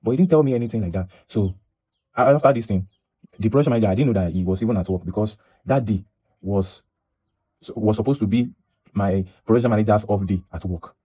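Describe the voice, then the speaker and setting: Young Nigerian man, quick, mellow and low-pitched, rambling casual storyteller who restarts his sentences. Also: breathy edge. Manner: rambling, restarts and repeats himself, mixes in Pidgin. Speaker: vlogger.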